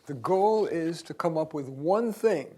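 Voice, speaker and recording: Man, career coach, seminar talk, slightly higher voice, reading aloud deliberately, auditorium. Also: expressive, mellow. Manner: deliberately slowed, self-described fast talker. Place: university auditorium.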